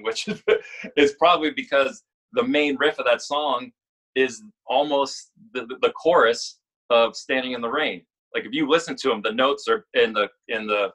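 Guest musician, male, forties: bright, forceful voice, casual storyteller who swears and laughs a lot. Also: medium pitch, rough recording. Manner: animated, swears freely, laughs often.

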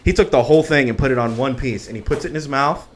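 A man's voice: mid-range voice, fast talker. Joking man with faint background hiss. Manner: relaxed, joking, swears casually. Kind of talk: casual chat.

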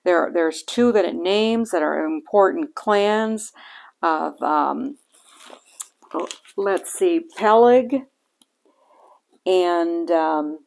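A woman talks through a bible chapter on her own podcast. Her voice sits a little low and she moves at an unhurried pace. She pauses often, fills gaps with fillers and restarts her sentences, earnest and reflective throughout. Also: creaky, darkish tone. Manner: halting, with frequent fillers and restarts. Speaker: podcast host reading scripture. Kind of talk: casual bible-reading podcast talk.

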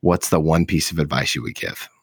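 Deep-voiced man hosting a podcast. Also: steady tone, fairly quick, breathy edge, dry recording, studio quality. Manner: laughs often, encouraging. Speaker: podcast host. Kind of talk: casual interview hosting.

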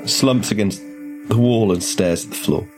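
Deep-voiced male game master. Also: moderate pace, music in the background. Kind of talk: narrating a tabletop game.

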